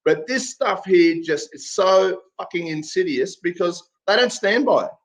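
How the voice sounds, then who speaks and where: A man's voice: high voice, lively intonation, unhurried. Irate swearing Australian man. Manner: swears often, ranting and irate. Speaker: guest commentator. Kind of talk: heated casual talk. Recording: muffled lo-fi audio.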